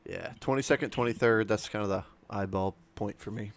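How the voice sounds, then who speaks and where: A man on a casual live call, talking in a relaxed, matter-of-fact way. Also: fairly low pitch, a little fast, creaky. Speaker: participant on a chart analysis call.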